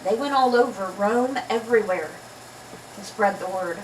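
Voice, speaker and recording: A woman with a slight lisp reads Bible passages in a casual vlog, chatting and joking between readings. Her voice is medium in pitch and moderately paced. The room is echoey, she sits far from the mic, and there's slight background noise.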